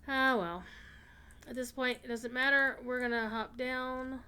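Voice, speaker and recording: A woman's voice: high-pitched, steady tone, a little slow, bright, forceful tone, clear, resonant tone. A woman streaming a video game, chatting casually with her viewers. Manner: chatty, talks to her chat, swears casually. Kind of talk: casual gaming commentary.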